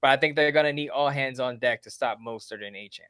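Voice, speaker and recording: Bright-voiced sports writer, man. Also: medium pitch, quick pace, clean tone, no echo, studio quality. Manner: methodical, lays out lists of teams and plans. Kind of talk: casual sports talk.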